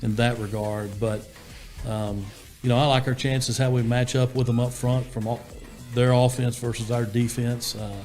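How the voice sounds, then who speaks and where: A man, a head football coach answering interview questions in a steady, plainspoken way, full of fillers and restarts. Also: medium pitch, normal speed, soft background music.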